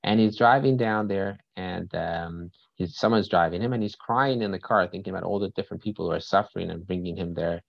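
A man with a lowish, gravelly voice teaches a lesson, telling a story as he goes. He keeps checking in with his listeners and restarts phrases while he thinks. The recording is dry and a little dull. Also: brisk, hardly any pauses, no room sound. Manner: checks in with listeners through frequent "right?" and "okay?". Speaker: Torah teacher.

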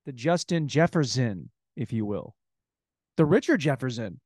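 A man hosting a solo comedy podcast, telling crude, rambling stories in an animated way. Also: medium pitch, moderate pace, no room sound, studio quality. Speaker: podcast host.

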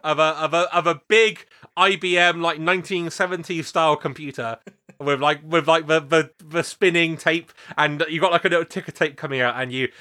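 A man co-hosting a podcast in casual chat, rambling and joking with quick asides. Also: on the high side, fairly even intonation, bright, forceful tone. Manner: rambling and jokey, with bits of silly put-on voices. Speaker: podcast co-host.

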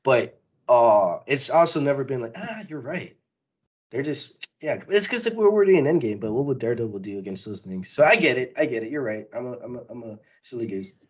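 Man, casual podcast chat, excitable, rambling, husky. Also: mid-range voice, fast, rough recording. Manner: excitable, rambling, laughs often. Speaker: podcast co-host.

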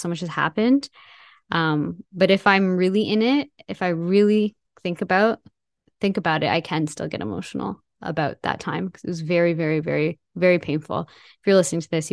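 A woman telling a personal story as an interview guest, reflective and halting, often restarting her sentences. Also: on the low side, creaky, dry recording, clean studio sound.

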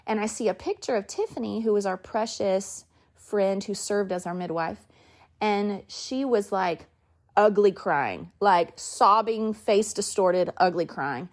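A woman in her thirties hosts a podcast, telling stories casually and acting out the quoted lines. Her voice is mid-range and a little slow.

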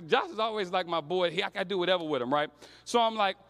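Young male preacher, high voice, slangy storytelling sermon. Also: quick pace, vocal fry, fairly bright tone, in a large hall.

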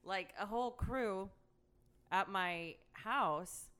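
A woman's voice: mid-range voice, takes it slowly, a bit bright, clean tone. A woman guest on a radio show, chatting casually and bubbly, telling stories with lots of laughter. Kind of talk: casual chat.

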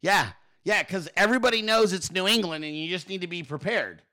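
A podcast host ranting through political commentary in a profane, mocking and sarcastic way. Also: male voice, high-pitched, brisk, sharp tone.

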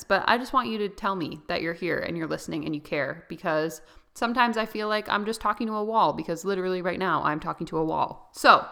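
A woman's voice: medium pitch, vocal fry, pushed and bright. A young woman hosting her own podcast, rambling through unscripted solo talk with frequent laughs. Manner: chatty and rambling, often laughing. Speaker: podcast host.

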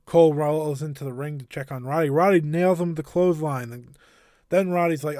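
A man's voice: on the high side, moderate pace, darkish tone, dry recording, studio quality. A man hosting a wrestling review podcast, talking in an enthusiastic, rambling way. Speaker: podcast host.

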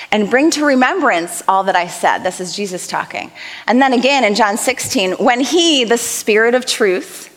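A fairly high-pitched woman gives an earnest, lively sermon, shifting between casual asides and scripture read aloud. Her voice rings out with the long reverb of a church hall. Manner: earnest, animated, conversational with scripture readings. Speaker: preacher. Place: church auditorium.

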